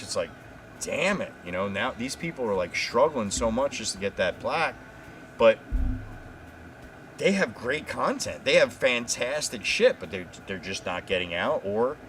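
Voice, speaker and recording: A man with a somewhat low voice chats on a livestream. He rambles, swears freely and tells stories with energy, and a faint ambient noise sits under him. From New Jersey. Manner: rambling, profane, animated storytelling. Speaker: livestream guest. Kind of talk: casual livestream chat.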